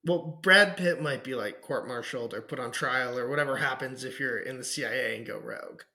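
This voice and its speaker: A man's voice: medium pitch, a little fast, sharp tone. A man in casual podcast movie chat, adding short dry and wry remarks.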